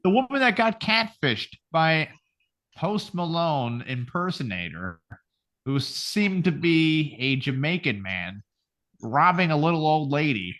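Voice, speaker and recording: Lively joking male podcast host. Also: on the high side, measured pace. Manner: joking, profane, reads news stories aloud. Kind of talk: casual podcast banter.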